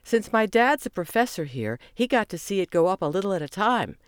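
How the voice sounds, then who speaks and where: A narrator voicing an eager, excitable boy whose father is a professor, in a storybook reading. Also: mid-range voice, fairly quick, smooth, dry recording, voice pushed up, close to an everyday voice.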